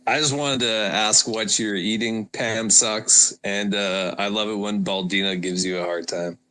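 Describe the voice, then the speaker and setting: A man's voice: lowish voice, steady tone, measured pace, bright, forceful tone, poor audio. A man from Canada calling into an online chat, joking about another person. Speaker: caller. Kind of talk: casual chat.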